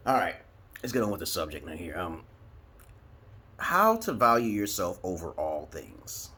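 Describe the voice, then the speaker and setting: A man from Brooklyn delivering a comedic rambling monologue, profane and giggly, jumping into loud high squeals. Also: sing-song, moderate pace, breathy edge. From Brooklyn, New York, USA. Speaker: vlogger.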